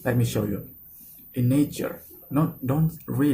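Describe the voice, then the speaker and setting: A man teaching pronunciation, which is not his language, at a slow, careful pace. He often stops and restarts his sentences. A steady noise hums behind his voice. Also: medium pitch. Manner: slow, halting, with frequent restarts. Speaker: English teacher. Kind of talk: online pronunciation lesson.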